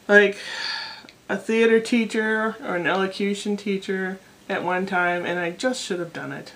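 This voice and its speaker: A woman's voice: mid-range voice, a little slow. Chatty, rambling middle-aged woman vlogger. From United States. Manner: chatty and digressive, with self-deprecating asides. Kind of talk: casual rambling vlog monologue. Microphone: camera microphone.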